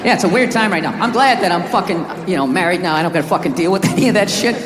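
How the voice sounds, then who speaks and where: Comedian ranting loud and sweary, high-ish voice, big roomy hall, crowd roaring with laughter. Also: male voice, very fast, background noise. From United States. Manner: loud, profane, ranting delivery. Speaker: stand-up comedian. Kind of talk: live stand-up comedy set. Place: live comedy venue in England.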